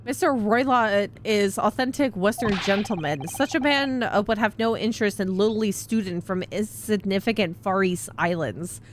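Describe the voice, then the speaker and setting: A woman voicing a rude, gruff young male sailor who guards a cabin and speaks in blunt, broken English. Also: mid-range voice, animated, moderate pace, slight background noise, close to an everyday voice.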